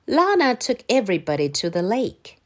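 A woman from China reading a children's picture book aloud in a slow, clearly paced, very animated way. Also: mid-range voice. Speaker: storyteller. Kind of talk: children's storybook read-aloud.

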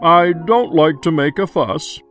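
A man voicing a melodramatic young fox boy who thinks a scratch is the end of him, in a high, squealing tone. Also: a little slow, a bit bright, faint music behind.

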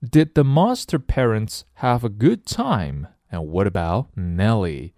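Playful low-voiced male English teacher. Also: lively intonation, slow, a little mellow, no room sound, clean studio sound. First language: Chinese. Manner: playful, jokey, switches between languages. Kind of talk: lively English lesson with story reading.

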